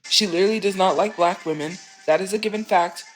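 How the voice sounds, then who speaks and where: A woman's voice: medium pitch, fast, a little hiss or hum, poor audio. A woman streamer talking in a rambling, emotional, confessional way. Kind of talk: casual rambling stream talk.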